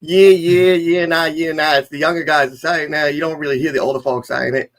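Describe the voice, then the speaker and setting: This is a caller from Australia, a man with a broad Australian accent. He talks quickly and boisterously, scattering slang through every line. His voice sits a little high for a man. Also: level tone. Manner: boisterous and slangy, says mate a lot. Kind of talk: casual call-in chat.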